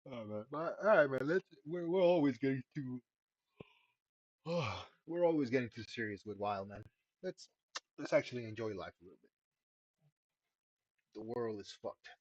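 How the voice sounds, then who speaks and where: A man's voice: mid-range voice, normal speed, long pauses, darkish tone, no room sound. A man giving casual live commentary while streaming a game, laid-back and profane, sighing often. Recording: dull lo-fi stream mic.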